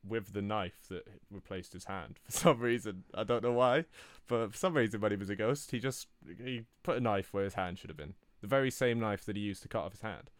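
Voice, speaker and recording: A man telling an improvised comic story in a rambling, deadpan way, correcting himself as he goes. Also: on the low side, a little fast, hardly any pauses, clean tone, dry recording. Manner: rambling, deadpan, self-interrupting.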